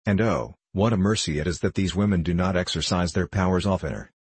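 A man narrating a classic novel in a measured, wry reading. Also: low-pitched, breathy edge, dry recording.

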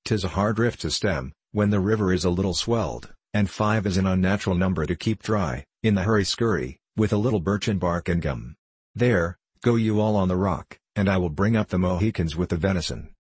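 A man's voice: low voice, brisk, a little mellow, slightly rough, no echo. A man reading the part of a blunt, stubborn veteran frontier scout who talks in plain old-fashioned backwoods speech. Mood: instructive.

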